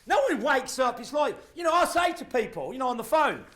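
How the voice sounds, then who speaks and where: A middle-aged man, giving a live motivational talk and telling stories with acted-out voices and shouts. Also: very high-pitched, sing-song, a little fast. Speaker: motivational speaker.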